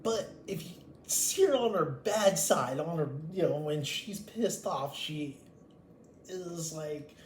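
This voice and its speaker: A vlogger with a fairly high male voice talks slowly but animatedly in an echoey room with faint ambient noise. His rambling storytime monologue about his family is blunt and full of swearing.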